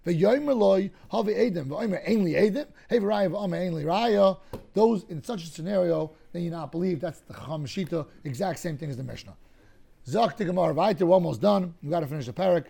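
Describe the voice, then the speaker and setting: A man teaching a Talmud class, explaining cases through lively hypothetical scenarios and often clearing his throat. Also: sits high.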